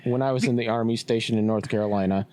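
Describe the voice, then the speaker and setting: A man co-hosting a podcast, telling stories in a relaxed way and laughing often. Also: fairly low pitch, quick pace, a little hiss or hum. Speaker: podcast co-host. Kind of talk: casual chat.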